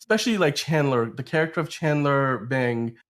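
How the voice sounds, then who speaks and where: A podcast host with a medium-pitched voice talks briskly in a casual chat. He rambles with plenty of fillers and restarts, and he sounds sick.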